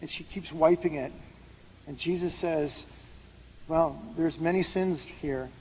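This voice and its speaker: A male pastor preaching in a big hall, his voice carrying a long reverb tail with a faint hiss behind it. He talks conversationally, asks the congregation questions and answers them, and his pitch sits a little above average for a man. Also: slow, a little mellow. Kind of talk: sermon. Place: large hall with an audience.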